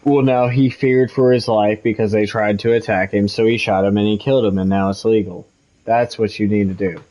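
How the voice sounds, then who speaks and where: A man's voice: fairly low pitch, steady tone, a little fast, dark tone. A man from Missouri, a game streamer, telling a story at home in a heated, profane casual chat. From Missouri, USA. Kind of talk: casual chat while gaming.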